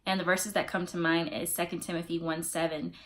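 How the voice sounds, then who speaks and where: A young adult woman vlogging in a casual, expressive way, giving faith-based encouragement with preacher-like emphasis. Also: fairly low pitch, fairly quick. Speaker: YouTube vlogger.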